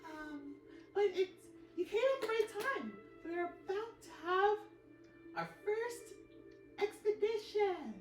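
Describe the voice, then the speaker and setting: A woman voicing a small, happy male slime creature in a tabletop game, squeaky and gushing. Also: lively intonation, takes it slowly, full character voice. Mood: cheery. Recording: roomy, distant mic, music behind.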